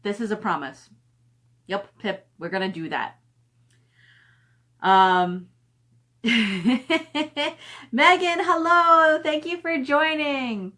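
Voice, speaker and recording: A woman's voice: medium pitch, takes it slowly, long pauses, fairly bright tone. Chatty middle-aged woman on a livestream. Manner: chatty, reads viewer comments aloud and coos at her dog. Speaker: author hosting a live stream. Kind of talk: casual live-stream chat. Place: at home.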